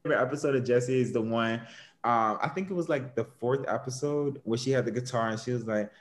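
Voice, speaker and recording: A young man hosting a video call interview, excitable and nervous, talking to his idol. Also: mid-range voice, fast talker. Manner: excitable, nervous fan, giggly. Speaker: YouTuber host.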